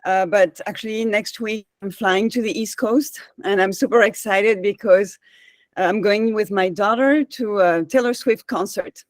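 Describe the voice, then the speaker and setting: A woman's voice: mid-range voice, unhurried, no echo, clean studio sound. Hesitant woman with a French accent. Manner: hesitant, many uh fillers, warm and excited. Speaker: realtor.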